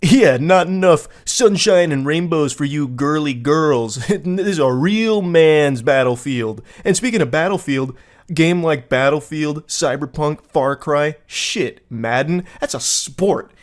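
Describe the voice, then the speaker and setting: A man's voice: on the high side, expressive, slow. A man voicing an obnoxious, aggressive young man reading his own text messages in a sneering, mocking tone. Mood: boastful. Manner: sneering, mocking overblown delivery.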